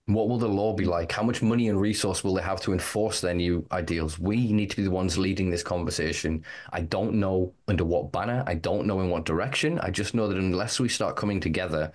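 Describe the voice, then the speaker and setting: A man's voice: low-pitched, a little fast, hardly any pauses, darkish tone. A man, a podcast guest, speaking fervently and rallying listeners, swearing freely. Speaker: guest, cannabis rights campaigner. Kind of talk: passionate podcast talk.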